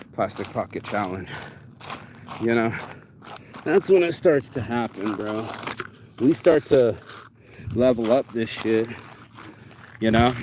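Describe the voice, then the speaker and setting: A man's voice: medium pitch, slight background noise. A man vlogging in a casual, rambling monologue, profane and streetwise, calling the listener bro. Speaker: vlogger and shirt designer.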